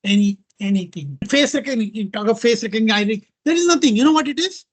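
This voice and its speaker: A middle-aged man from India with an Indian accent, giving a lively informal talk to an audience, mixing in Hindi phrases and often checking in with "right?" and "okay?". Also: sits high, fast talker, slightly rough. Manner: animated, mixes Hindi into English, repeats "right?" and "okay?". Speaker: guest speaker.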